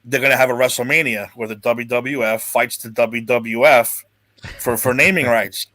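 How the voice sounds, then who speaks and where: A man imitating an excited male wrestling announcer, hollering hype commentary. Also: medium pitch, normal speed, dry recording, pitched below the performer's own voice, lightly acted. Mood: hyped.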